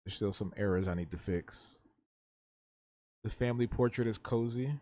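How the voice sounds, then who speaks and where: A man's voice: on the low side, normal speed, long pauses, dark tone, no echo, studio quality. A young man hosting a live drawing stream, chatting loosely in slang and answering his chat. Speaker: livestreaming artist.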